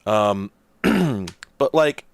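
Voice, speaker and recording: A man's voice: fairly low pitch, drawn-out words, smooth. A man hosting a casual let's-play, rambling and thinking aloud with lots of fillers as he plays. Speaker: host.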